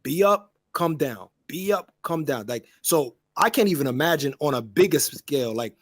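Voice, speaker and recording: A man's voice: fairly high pitch, expressive, normal speed, no echo, clean studio sound. A man in a casual podcast chat, slangy and full of fillers, checking in with the listener over and over. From New York. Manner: slangy, full of fillers like "you dig what I'm saying".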